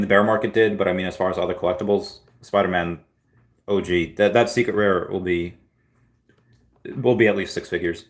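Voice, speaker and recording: Low-voiced man rambling on a stream. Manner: rambling, restarts and repeats words. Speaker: livestream host answering chat. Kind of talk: casual livestream chat.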